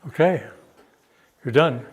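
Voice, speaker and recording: Calm man coaching in a gym. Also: mid-range voice, slow pace, husky, dull audio. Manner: calm, brief instructions. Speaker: fitness coach. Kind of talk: coaching a workout.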